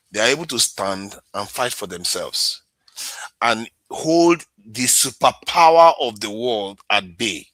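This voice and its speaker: A Nigerian male host holds forth on a live political stream, ranting and sarcastic, and snapping back at commenters. His voice has a bright, forceful edge at a middle pitch. The sound is close and dry. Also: no echo.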